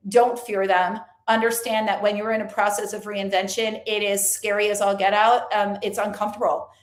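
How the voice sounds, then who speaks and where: A woman's voice: medium pitch, roomy sound. A woman giving an earnest, chatty motivational talk to camera, full of fillers, sometimes dropping to a near whisper. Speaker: lifestyle and faith vlogger.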